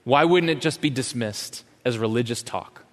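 A man preaches from the stage of a large church, his mid-pitched voice carrying a long hall reverb. He questions his listeners, rising loud and then dropping to a hush. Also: moderate pace. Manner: impassioned, questioning, swings from loud to hushed. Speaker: pastor. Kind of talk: sermon.

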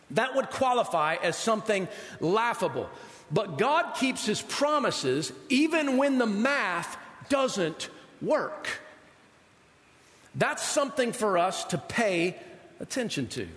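A man's voice: high-pitched, a bit bright. A male pastor preaching a sermon in a conversational way, often asking the listeners rhetorical questions. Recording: reverberant hall.

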